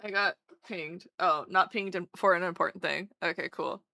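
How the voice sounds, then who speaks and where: A woman's voice: on the low side, normal speed, creaky, bright, forceful tone, no echo, studio quality. A woman streamer chatting casually while drawing, gushing and rambling as she interrupts herself.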